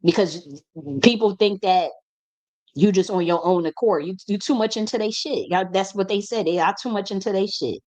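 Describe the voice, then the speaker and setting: A woman's voice: mid-range voice, moderate pace, a little mellow. A woman speaking as a spiritual teacher in an impassioned monologue, blunt and profane, repeating phrases for emphasis.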